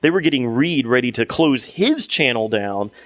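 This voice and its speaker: A man's voice: mid-range voice, very animated, moderate pace, dry recording. A young man co-hosting a podcast, telling a long story in casual chat with many restarts and fillers. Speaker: podcast co-host.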